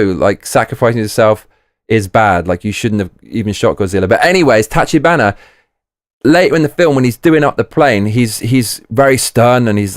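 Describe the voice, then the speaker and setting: A man with a lowish voice, recorded in clean studio sound without echo, gives a casual spoken film review as a movie reviewer living in Japan. He's blunt and profane, often repeating himself for emphasis.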